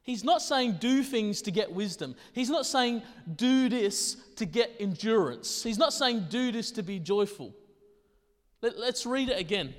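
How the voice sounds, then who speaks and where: Male pastor with a high voice, conversational sermon full of rhetorical questions, recorded in a hall with long reverb. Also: animated, unhurried.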